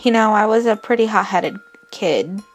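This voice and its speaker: A woman's voice: mid-range voice, moderate pace, faint music behind, lightly acted. A woman voicing a brash fish warrior captain. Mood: earnest. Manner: blunt and boastful, with gruff outbursts. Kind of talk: reading game dialogue aloud.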